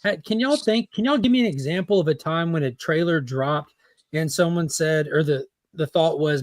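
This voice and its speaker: Fairly high-voiced man in casual chat. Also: dry recording. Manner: opinionated, quick to argue a point. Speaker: panelist on a pop culture talk show.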